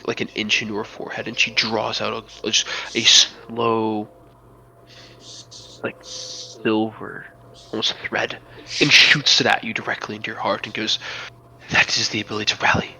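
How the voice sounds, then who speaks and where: A man running a tabletop game as game master, narrating with dramatic storytelling that often drops to a hush. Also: lowish voice, little pitch movement, moderate pace, gravelly, a little hiss or hum, low-quality recording.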